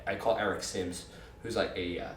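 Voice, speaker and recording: A man telling a long, profane, animated story in a casual interview, quoting people as he goes. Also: low-pitched, normal speed, distant mic, slight background noise. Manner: profane, animated anecdote with quoted voices. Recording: roomy, off-mic with faint ambience.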